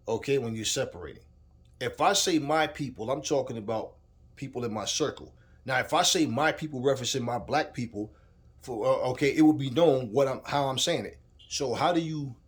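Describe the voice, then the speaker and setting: A man rants about boxing in a loose, heated way, swearing freely and circling back to his points. His voice sits in an ordinary middle pitch. He talks straight at the person he is criticizing. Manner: heated, profane, repetitive, talks straight at the subject. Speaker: boxing commentator. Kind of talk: casual ranting commentary.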